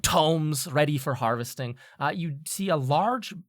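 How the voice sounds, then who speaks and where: A man with a fairly high voice acts as game master and narrates a tabletop game off the cuff. He often stops on fillers and restarts his phrases. The sound is dry and close to the mic. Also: expressive, unhurried, dry recording. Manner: improvised description, many fillers and restarts.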